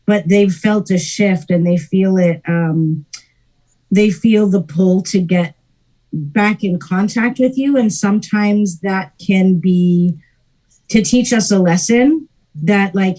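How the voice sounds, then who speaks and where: A young woman co-hosting a casual spiritual chat, explaining calmly with many fillers. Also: medium pitch, takes it slowly, poor audio. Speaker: podcast co-host.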